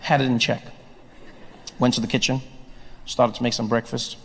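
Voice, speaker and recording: A man performing a stand-up comedy set, animated and storytelling, acting out voices and building to shouts. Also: mid-range voice, moderate pace, a little hiss or hum. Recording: live stage with long reverb.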